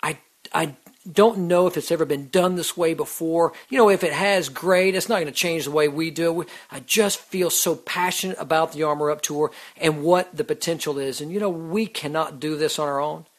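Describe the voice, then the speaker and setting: A man's voice: fairly high pitch, normal speed. A man hosting a Christian radio show, talking about faith in an earnest, casual way, with lots of "you know" and restarts. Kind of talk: casual devotional talk.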